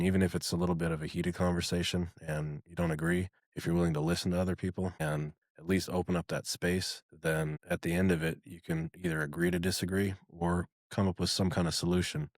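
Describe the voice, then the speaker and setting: A man co-hosting a podcast, speaking in a measured, thoughtful way in full sentences. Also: low voice, level tone, no echo, clean studio sound. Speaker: podcast co-host. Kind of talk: casual podcast chat.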